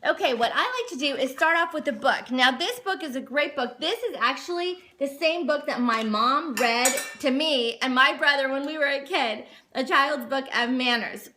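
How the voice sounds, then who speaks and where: A woman speaks high and bright, coaxing and gentle as she teaches manners. She talks into a phone in her home. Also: a little hiss or hum. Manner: gentle, coaxing, reads aloud slowly to a child. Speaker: parenting livestream host. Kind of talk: casual teaching to viewers and child. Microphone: phone livestream.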